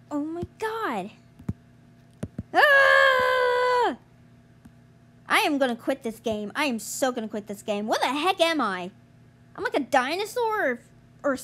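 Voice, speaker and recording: A young woman commentating her gameplay, exasperated and groaning, yelling at other players to get out of her way. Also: sits high. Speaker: gamer streamer.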